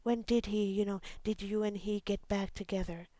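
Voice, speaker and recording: A woman voicing an agitated, chatty woman in a poem reading, speaking quickly and emphatically. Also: medium pitch, steady tone, no echo, natural voice. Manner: quick, emphatic, rising to yells.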